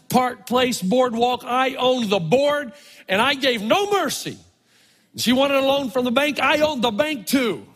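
A middle-aged man preaching a storytelling sermon as a pastor, animated, dropping to a hush and then rising loud for emphasis. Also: very high voice. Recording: long reverb in a large hall.

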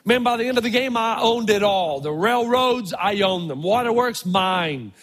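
A man preaching a sermon, telling stories with animated, drawn-out emphasis in a large church. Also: high-pitched. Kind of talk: sermon with storytelling. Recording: long reverb of a large hall.

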